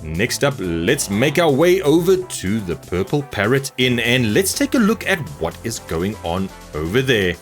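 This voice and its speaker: A man's voice: mid-range voice, sing-song, measured pace, few pauses. A man hosting a gameplay video, giving casual commentary with playful, mock-grand jokes. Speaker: gaming channel host. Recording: faint music behind the voice.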